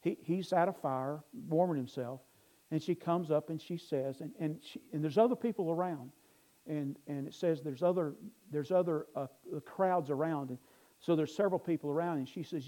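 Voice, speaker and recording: A man's voice: a little high, normal speed, warm tone, poor audio. A male pastor preaching a sermon earnestly, building to emphatic bursts and restarting words as he goes.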